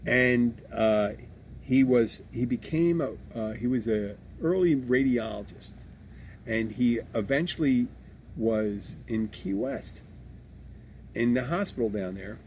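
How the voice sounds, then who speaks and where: A man's voice: medium pitch, slow pace, darkish tone, slight background noise. A man from Philadelphia co-hosting a podcast, talking casually and bluntly, with swearing and rambling restarts. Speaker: podcast co-host. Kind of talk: casual chat.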